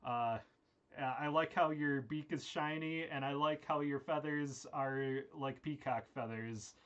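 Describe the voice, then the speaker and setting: A man voicing a sly, slinky fox in improvised comic storytelling. He talks in a smarmy, wheedling way, full of halting restarts, over a video call. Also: on the high side, fairly even intonation, a bit bright, dull audio. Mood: flattering. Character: sly, flattering male fox.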